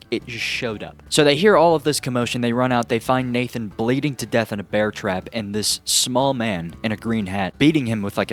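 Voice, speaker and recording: A man recapping a film in a casual, exasperated and sarcastic way, often pausing to ask "okay?". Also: medium pitch, a bit bright. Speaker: movie reviewer.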